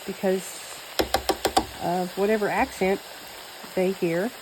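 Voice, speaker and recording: A cooking vlogger with a Southern US accent, born in New Mexico and raised mostly in Texas, rambles casually while she cooks, full of fillers and restarts. Her medium-pitched voice is steady and slow, and heavy background noise surrounds her.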